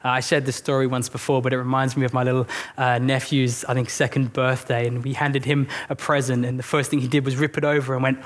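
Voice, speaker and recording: A man's voice: mid-range voice, little pitch movement, fast talker, hardly any pauses. A man preaching a sermon as a pastor, talking earnestly and conversationally, with storytelling, self-deprecating asides and frequent restarts. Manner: repeats words and restarts when thinking aloud.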